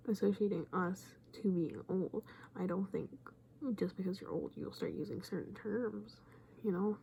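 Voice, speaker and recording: Gravelly young woman, half-whispered rambling. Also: mid-range voice, mellow, a little hiss or hum. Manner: rambling, often drops to a whisper. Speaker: viewer commenting on a video. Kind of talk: casual reaction commentary.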